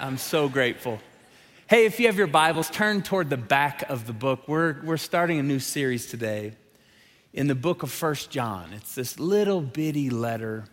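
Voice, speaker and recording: A man preaching a sermon to his congregation, telling stories with lively quoted voices before reading scripture. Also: mid-range voice. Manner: lively, animated storytelling with quoted characters. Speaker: pastor. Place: large church sanctuary. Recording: long hall reverb.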